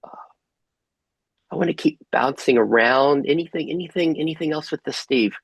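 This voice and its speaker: A man facilitating an online group workshop over a video call, gently asking soft reflective questions. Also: fairly high pitch, moderate pace, creaky, slightly rough, dry recording, poor audio.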